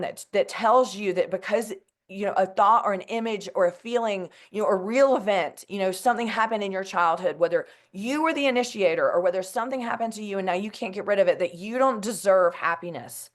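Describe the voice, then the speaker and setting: An earnest woman in her forties with a drawl speaks to an audience about her own experience. Her voice sits at a medium pitch and she sounds close to tears, leaning on fillers like "like" and "you know." She talks from the heart as a mental health advocate. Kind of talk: heartfelt personal talk to an audience.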